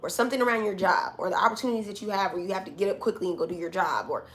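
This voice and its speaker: A woman's voice: medium pitch, very fast, fairly bright tone. A woman giving a casual collective tarot reading from home. She talks directly to her listeners and calls them honey and child. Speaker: tarot reader.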